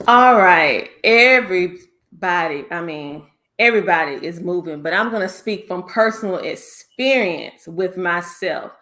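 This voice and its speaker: A woman's voice: fairly low pitch, expressive, a little slow, sharp tone. A woman with a Southern US accent, a business coach giving an emphatic, preacher-like motivational talk on a video call, calling listeners honey. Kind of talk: motivational speech in an online panel.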